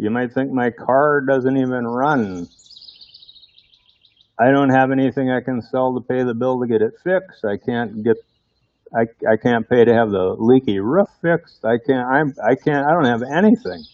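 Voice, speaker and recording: A man's voice: mid-range voice, no room sound, muffled recording. A man preaching a sermon in a conversational way, often putting rhetorical questions to his congregation.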